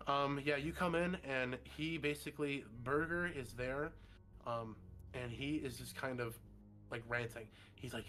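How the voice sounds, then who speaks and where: A man's voice: mid-range voice, steady tone, normal speed, fairly bright tone. A man narrating as game master, in a loose, casual voice full of fillers. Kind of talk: narrating a tabletop horror game.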